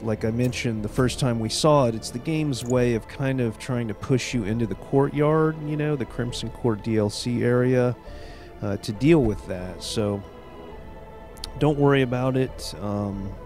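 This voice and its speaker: Man with a stuffed-up cold voice, game commentary, lowish pitch, faint music behind. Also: darkish tone. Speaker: gaming video host. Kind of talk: let's play commentary.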